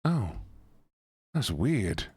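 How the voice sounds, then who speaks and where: Chatty low-voiced male streamer, very animated. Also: extremely slow, husky, no echo. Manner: rambling, chatty, joking with viewers. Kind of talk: casual live-stream chat.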